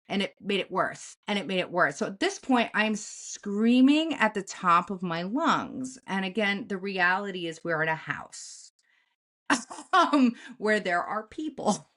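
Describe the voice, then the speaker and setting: A woman's voice: medium pitch, measured pace. A young adult woman co-hosting a podcast, telling a personal story bluntly, with lots of swearing and vivid retelling. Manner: blunt, profane, animated retelling. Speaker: podcast co-host. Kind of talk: candid storytelling chat.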